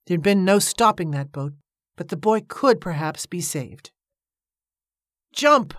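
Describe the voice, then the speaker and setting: Low-voiced woman narrating an audiobook. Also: no echo, studio quality. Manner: steady, measured storytelling.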